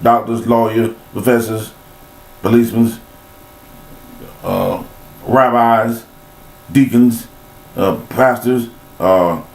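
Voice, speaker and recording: A man's voice: on the low side, takes it slowly, vocal fry, pauses often, reverberant, low-quality recording. A man giving a rambling, blunt motivational talk, scolding and preaching with long lists of words and snatches of song. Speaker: motivational speaker.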